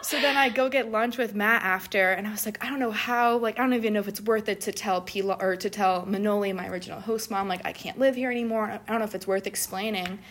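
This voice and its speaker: Young woman chatting, tells a story all animated, lots of "like", acts out the quotes. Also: medium pitch, quick pace, hardly any pauses. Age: young adult. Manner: animated, acts out quoted people, says "like" often. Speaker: guest telling a study-abroad story. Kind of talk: casual storytelling chat.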